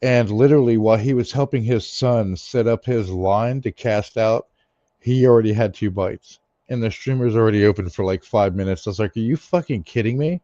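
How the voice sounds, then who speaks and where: A man's voice: lowish voice, steady tone, moderate pace, mellow, no echo, lo-fi sound. A man in casual chat, eagerly retelling a friend's fishing feat with teasing humour.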